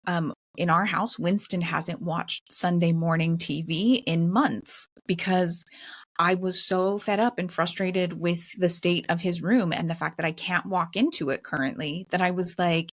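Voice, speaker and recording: A woman's voice: on the low side, steady tone, unhurried, no room sound, clean studio sound. A middle-aged woman co-hosting a casual book club podcast, thinking aloud with many restarts and fillers. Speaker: podcast co-host.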